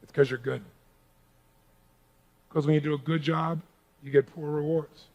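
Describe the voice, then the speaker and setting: A man with a high, gravelly voice delivers a motivational seminar speech on stage. He talks emphatically and keeps pulling the crowd in with call-and-response questions. His rough, grainy tone carries through every phrase. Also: fairly even intonation, unhurried, darkish tone, poor audio. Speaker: motivational speaker. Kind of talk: live seminar speech to an audience. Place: large seminar hall.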